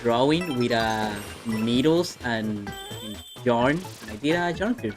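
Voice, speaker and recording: A man's voice: mid-range voice, expressive, unhurried. Young guy from chile chatting, hesitant, searching for words, game music behind. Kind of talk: casual chat.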